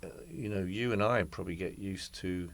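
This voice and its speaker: Gravelly, low-voiced man in his sixties. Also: fairly quick. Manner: reflective, anecdotal storyteller. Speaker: guest. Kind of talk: conversational interview.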